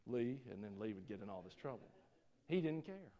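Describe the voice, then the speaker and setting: A man preaching a sermon, folksy and joking with the congregation, swinging between loud preaching and quiet asides. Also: on the low side, very animated, fairly quick. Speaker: pastor.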